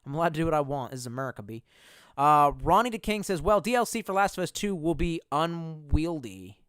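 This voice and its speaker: A man's voice: a little high, expressive, a little fast, a bit bright, smooth, dry recording. Profane, rambling male streamer. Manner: laid-back, often trails off into mumbling. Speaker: livestreamer reading chat. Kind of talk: casual livestream chat.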